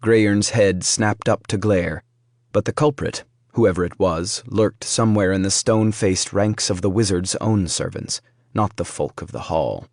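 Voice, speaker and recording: A man narrating a fantasy audiobook in a measured storytelling manner. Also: low voice, a little mellow, no room sound, clean studio sound.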